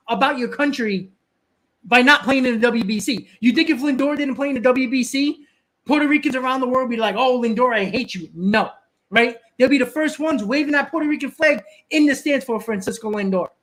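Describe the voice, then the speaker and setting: A man's voice: extremely high pitch, moderate pace, a bit bright. A man hosting a live stream, ranting casually, often repeating and restarting words and answering viewers in the chat.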